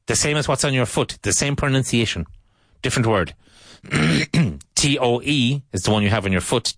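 An Irish man teaching English vocabulary, saying each word slowly and repeating it for learners. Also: lowish voice, a bit bright, no room sound. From Ireland. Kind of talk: vocabulary lesson.

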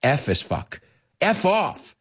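A man's voice: fairly high pitch, huge pitch swings, slow pace, a bit bright, slightly rough. A middle-aged man hosting a casual show, playful and laughing often, explaining English words with Spanish glosses. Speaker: show host teaching English. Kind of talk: casual bilingual radio-style show.

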